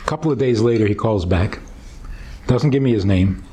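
A man's voice: lowish voice, animated, moderate pace, mellow, a little hiss or hum. A man speaking as a rabbi, giving a teaching talk in a conversational, wry way with stories woven in.

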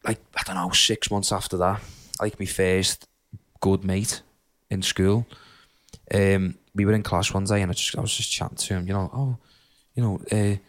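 A man's voice: deep voice, fairly even intonation, moderate pace, a bit bright. A young man telling a rambling childhood story on a podcast, laughing often and using lots of fillers. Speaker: podcast co-host. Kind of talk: casual storytelling chat.

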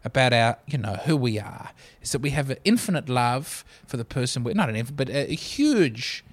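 A man's voice: mid-range voice, expressive, fairly quick. A man co-hosting a comedy podcast, chatting casually and rambling through tangents. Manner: rambling, reads quotes in put-on voices. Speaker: podcast co-host.

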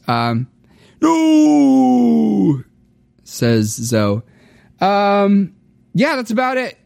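A man's voice: a little high, darkish tone. Jokey rambling podcast host, man. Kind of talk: casual chat.

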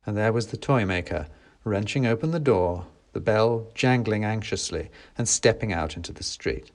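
Low, lively male storybook narrator. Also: moderate pace. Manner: animated, acts out dialogue with wry humor. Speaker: audiobook reader.

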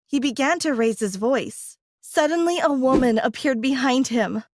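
A woman's voice: high voice, normal speed, slight background noise. Dramatic young woman storyteller. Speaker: story narrator. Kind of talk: scripted first-person story narration.

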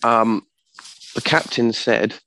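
A man giving an informal history talk from notes to a small audience, halting often with ums and self-corrections. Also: mid-range voice, steady tone, bright, forceful tone, a little hiss or hum. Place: room with a small live audience.

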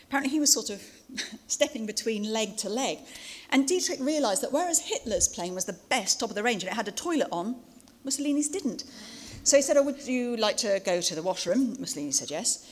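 A middle-aged woman telling anecdotes to an audience in a lively, chatty way, with asides and fillers. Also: on the high side, fast talker. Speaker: speaker recounting interviews. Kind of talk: storytelling talk to an audience.

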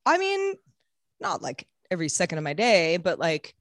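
A woman's voice: lowish voice, huge pitch swings, normal speed, no room sound, clean studio sound. A young woman hosting a podcast, chatting casually and rambling, acting out quotes in playful voices. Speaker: podcast host. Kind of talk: casual chat.

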